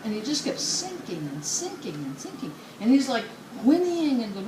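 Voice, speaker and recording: A woman's voice: a little high, moderate pace, few pauses. Giggly woman telling jokes in an echoey room. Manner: giggly, animated storyteller. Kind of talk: casual joke telling. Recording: echoey room with background noise.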